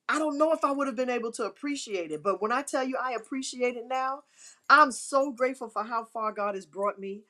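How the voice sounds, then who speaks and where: A middle-aged woman hosts a live stream, offering emphatic, repetitive encouragement with a churchy, inspirational feel. Her voice is fairly high-pitched with a sharp tone.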